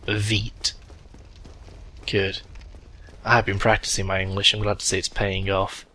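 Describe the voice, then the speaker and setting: Comic put-on: a man as a formal foreigner with a heavy accent, high and punchy. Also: little pitch movement, unhurried, sharp tone. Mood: mock-proud. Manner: mangles w into v, stilted and mock-formal. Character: man with a thick foreign accent, proud of his English.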